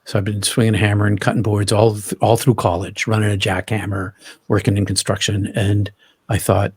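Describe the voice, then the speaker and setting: A man telling his own story as an interview guest, halting, often restarting and repeating words. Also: lowish voice, level tone, husky, no echo, clean studio sound.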